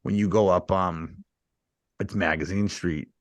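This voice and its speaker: A man's voice: low-pitched, steady tone, measured pace, no room sound, muffled recording. A man from the Midwest telling stories in casual chat, swearing and laughing often. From Midwest, Missouri.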